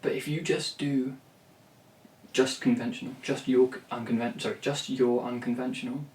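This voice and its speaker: A man's voice: mid-range voice, little pitch movement, normal speed, darkish tone, a little hiss or hum. Male vlogger, blunt and rambly, swears, recorded roomy and off-mic. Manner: rambling, blunt, swears freely, many restarts. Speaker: songwriter and vlogger. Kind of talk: rambling talk to camera. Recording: roomy, distant from the mic, faint ambience.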